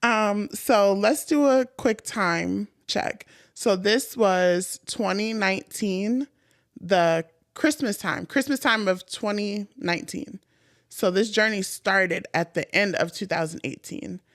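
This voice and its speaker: A woman hosting a podcast tells her own story in an animated, chatty manner. Her voice sits at an ordinary middle pitch, and it sounds dry and close with no room around it. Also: takes it slowly, no echo. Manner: animated, chatty, lots of "like" fillers. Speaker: podcast host. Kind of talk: personal storytelling.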